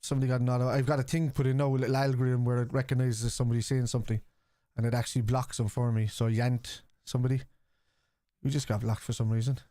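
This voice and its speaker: A man's voice: medium pitch, level tone, fast, dark tone, dry recording, clean studio sound. Chatty Irish man streaming football. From Ireland. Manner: chatty, swears, reads out chat and reacts to play. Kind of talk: casual live-stream chat.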